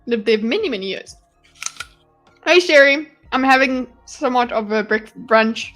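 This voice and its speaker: South African woman, fairly high voice, casual home streamer with faint music behind. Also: a little fast. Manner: chatty, animated, swears and laughs often. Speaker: streamer reading chat. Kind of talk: casual live-stream commentary. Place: her home.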